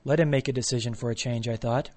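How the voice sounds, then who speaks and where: A man's voice: medium pitch, fairly even intonation, fast, a little mellow. A man narrating a comic first-person story in a wry, dry manner.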